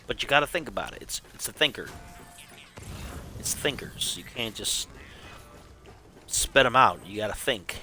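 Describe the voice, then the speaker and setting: A man's voice: mid-range voice, lively intonation, normal speed, pauses often, pushed and bright, soft background music. A man streaming a game, chatting casually in a goofy, rambling way and chuckling at his own jokes. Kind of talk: casual live gameplay chat.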